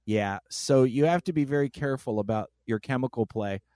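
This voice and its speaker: A man with a mid-range voice speaks fairly quickly, with no echo. He's a podcast host in casual chat, an animated storyteller who acts out the voices in his stories.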